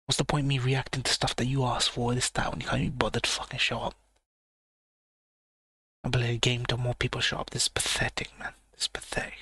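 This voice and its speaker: A man hosting a late-night live-stream reaction in a hushed, low voice close to a sensitive mic, blunt and swearing as he rants. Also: little pitch movement, a little fast, breathy edge, no room sound. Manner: hushed low voice, not quite a whisper. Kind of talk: late-night livestream chat. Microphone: sensitive mic with gain turned up.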